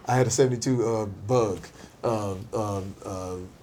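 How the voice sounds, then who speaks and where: A man's voice: on the low side, a little slow, dark tone. A man in a casual chat, hesitant, with many fillers. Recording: faint background noise.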